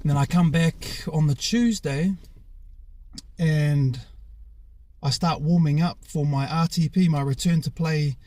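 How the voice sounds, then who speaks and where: Here a former rugby player from New Zealand, young and male, speaks at a measured pace in a slightly high, dark-toned voice. There's a little hiss or hum as he recounts his own life candidly, casual and frank, with lots of fillers, false starts and the odd curse.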